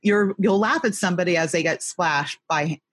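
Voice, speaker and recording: A podcast host talks loosely, trailing off mid-phrase and joking at their own expense. The voice is husky and breathy, and the recording is close and dry. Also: mid-range voice, moderate pace, fairly bright tone, no room sound. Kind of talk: casual chat.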